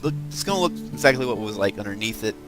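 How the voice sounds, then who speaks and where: A man's voice: on the low side, lively intonation, very fast, over music. A man with a Southern US accent, hosting a let's-play video and chatting casually while he builds, musing aloud with lots of fillers. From American South. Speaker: gaming video host.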